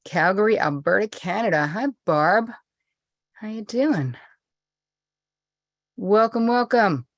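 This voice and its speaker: A woman's voice: medium pitch, lively intonation, slow pace, pauses often, no room sound, studio quality. A middle-aged woman hosting a live stream, chatty and bubbly as she greets viewers by name before a meditation. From United States. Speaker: host and therapist. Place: indoors at home.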